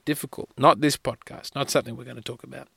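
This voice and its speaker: A man's voice: mid-range voice, fairly even intonation, fast talker, vocal fry, pushed and bright, breathy edge, no echo. A man hosting a podcast, telling rambling, wry, self-mocking stories in a solo monologue on a close mic. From Australia. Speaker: podcast host.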